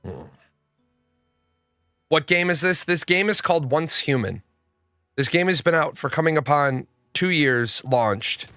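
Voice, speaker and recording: A man's voice: a little high, animated, measured pace, pauses often, bright, forceful tone, no echo, clean studio sound, faint music behind. A young adult man streaming a game, telling stories in casual, profane chat with frequent stammers and restarts. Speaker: gaming streamer.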